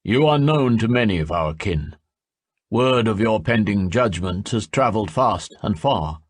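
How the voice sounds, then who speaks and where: A man's voice: on the low side, animated, unhurried, no echo. A man voicing a grave male elf messenger who brings a warning, in an audiobook.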